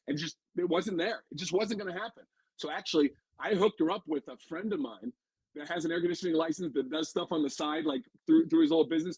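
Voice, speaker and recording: A man from Arizona tells stories on a podcast in a high, husky voice, talking very fast. He is energetic and blunt and swears freely. The sound is dry and close. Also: no room sound, low-quality recording. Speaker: HVAC sales pro, podcast guest. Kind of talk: casual podcast storytelling.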